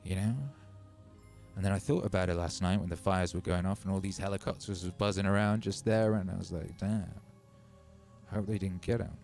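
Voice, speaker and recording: A man's voice: deep voice, level tone, fairly quick, darkish tone, soft background music. A man hosting a livestream from his home studio, chatting casually and telling rambling stories with a sardonic edge. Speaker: livestream host.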